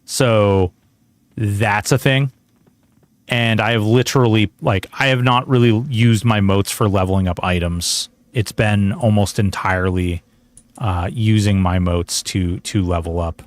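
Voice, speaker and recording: A man's voice: lowish voice, steady tone, measured pace, no room sound. Rambling, jokey man playing a game. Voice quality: rambling and jokey, swings into mock outrage. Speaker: game streamer. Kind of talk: casual gameplay commentary.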